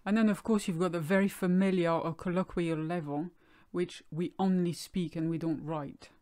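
Lower-voiced French woman, native French speaker, explains slowly and clearly for an online class. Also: fairly even intonation, mellow. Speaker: French teacher. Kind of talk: online language lesson.

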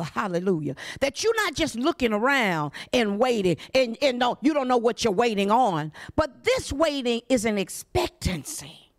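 Woman preacher, high and wildly swooping voice, fervent, shouting praise, close dry sound. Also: no echo. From Southern United States. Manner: fervent, punctuated by shouted hallelujahs and cries. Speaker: pastor. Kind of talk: impassioned sermon.

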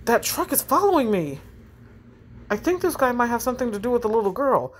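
Scared young woman driver, read by a woman, texting in short tense lines, lively pitch. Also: brisk, slight background noise. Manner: reads text messages aloud in short, tense bursts. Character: young woman driving alone at night, scared.

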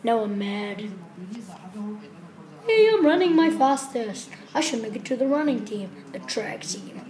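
High, hyper woman hamming it up. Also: sing-song, darkish tone. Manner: hyper, silly, rapid rambling with squealed cheers. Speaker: comedy video maker. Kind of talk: improvised comic sports skit.

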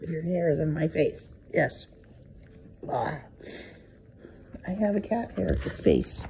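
A woman pet sitter chats gently with a cat at home, her voice mellow and dark. She coos and half-whispers, mixing in Spanish endearments, close to a phone camera. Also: fairly low pitch, very animated, slow pace, long pauses, a little hiss or hum, low-quality recording. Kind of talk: affectionate talk to a cat.

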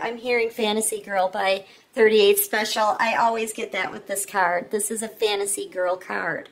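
A woman's voice: on the high side, fairly even intonation, a little slow, few pauses, fairly bright tone, poor audio. A woman giving a tarot reading in an intense, emphatic way, repeating herself and checking in with her listeners. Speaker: tarot reader. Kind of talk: casual tarot reading monologue.

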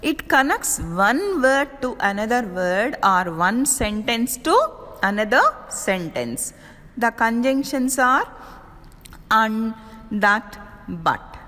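A woman lecturer with a fairly high voice speaks very slowly, pausing often, and spells out words one letter at a time. Her pitch rises and falls a lot as she explains. The recording carries a long echo, as from a reverberant room. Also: expressive, a bit bright. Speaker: college English teacher.

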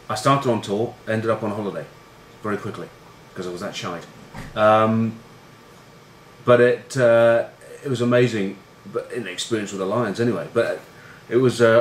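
A middle-aged ex-rugby player tells casual stories in a slightly low voice, rambling along with lots of swearing, fillers and self-mockery. The room is echoey and a faint hiss sits in the background.

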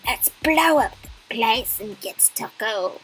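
Female gamer, high voice, gaspy and jokey, easygoing pace. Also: slow, faint music behind. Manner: excitable, gasping, jokey. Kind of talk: playful game commentary.

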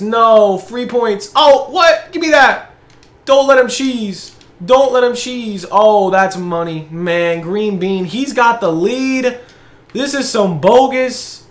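A young man commentating his own basketball video game match, excitable, hyping his plays and groaning at misses. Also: very high voice, roomy sound. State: out of breath. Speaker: gaming channel host. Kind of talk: live gameplay commentary.

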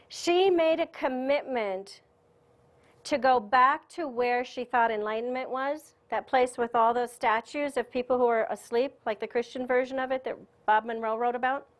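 A woman giving a spiritual lecture at a conference, telling a personal story in a chatty, animated way and laughing often. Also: high-pitched, a little slow, pauses often. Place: conference room.

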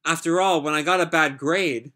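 A man's voice: a little high, fairly even intonation, moderate pace, sharp tone. A man reading as an anxious eager boy. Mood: earnest. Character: pressured young boy, eager and anxious to please.

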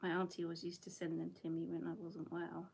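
Chatty middle-aged woman, husky. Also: on the low side, completely flat delivery, quick pace, darkish tone. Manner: rambling, chatty, laughs often. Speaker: watercolour artist. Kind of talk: casual chat while painting. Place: her bedroom at home.

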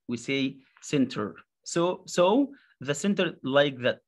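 Man, Egyptian accent, English teacher, native Arabic speaker, slow, halting, many fillers. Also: medium pitch. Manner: halting, many fillers and repeated words, drills pronunciation. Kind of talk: slow classroom explanation.

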